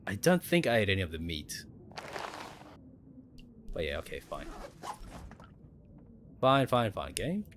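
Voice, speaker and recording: Gaming streamer, male, lively up-and-down delivery, explains mechanics as he plays, faint noise underneath. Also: deep voice, measured pace, long pauses. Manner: thinks aloud, explains mechanics to viewers. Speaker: gaming livestreamer. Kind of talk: casual gameplay commentary.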